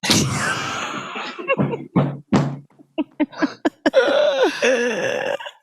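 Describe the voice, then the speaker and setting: A middle-aged comedian telling stories on a podcast, animated and profane, acting out the people he quotes. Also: extremely high pitch, drawn-out words, creaky. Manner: animated storyteller, swears, acts out quotes. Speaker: guest comedian. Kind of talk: casual podcast chat.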